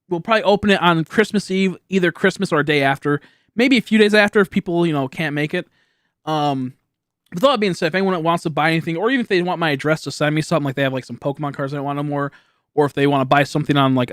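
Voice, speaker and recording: A young man streams from home, talking to his chat in a loose, rambling way and breaking into laughter often. His voice sits a little high for a man. The sound is dry and close to the mic. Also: fast, a bit bright, clean tone, dry recording. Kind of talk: casual live-stream chat.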